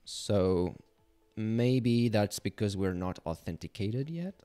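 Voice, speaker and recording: A man hosting a screen-recorded hacking tutorial, thinking aloud in a relaxed way with some fillers as he explains each step. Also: fairly low pitch, takes it slowly, soft background music. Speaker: channel host teaching penetration testing.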